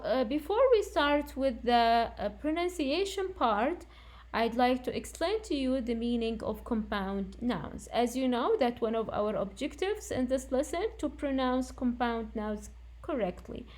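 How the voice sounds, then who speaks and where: A woman gives an English lesson in a slightly high voice. She explains slowly and patiently, with many fillers and restarts along the way. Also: lively intonation. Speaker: English teacher.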